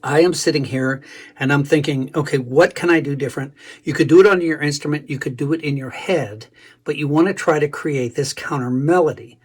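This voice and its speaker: A man's voice: on the high side, a little fast, husky. A man teaching a casual instrument lesson, thinking aloud and correcting himself as he plays. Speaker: music teacher. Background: dulcimer playing.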